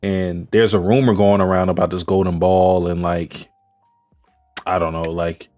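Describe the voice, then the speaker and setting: A man's voice: deep voice, little pitch movement, moderate pace, a little mellow, soft background music. A man co-hosting a podcast in casual chat, laid-back and hesitant, with many fillers. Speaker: podcast co-host.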